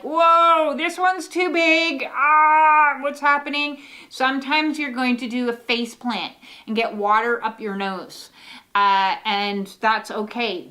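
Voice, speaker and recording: A woman's voice: fairly high pitch, a bit bright. A woman giving a casual, rambling oracle card reading, full of fillers and the odd swear word.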